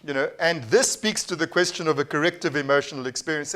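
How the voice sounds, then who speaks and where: A man with a South African accent leads a live workshop, explaining ideas earnestly and patiently. His voice sits fairly high for a man, and he often restarts sentences as he thinks aloud. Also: fast talker, few pauses, a bit bright. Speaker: workshop lecturer. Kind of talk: live workshop lecture with discussion.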